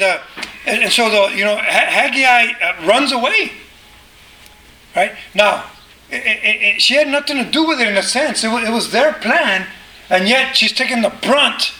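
A man preaching in a lively, conversational style, throwing rhetorical questions at the congregation. His voice is high and bright. The room echoes, and there is a faint background hum. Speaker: pastor. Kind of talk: sermon.

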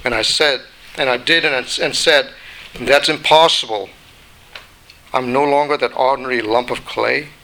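Brief: man voicing a patient, long-suffering teacup in a storybook parable, bright clear tone. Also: medium pitch, moderate pace, poor audio. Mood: recounting. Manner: plain storytelling read-aloud delivery. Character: little china teacup, once ordinary clay, long-suffering.

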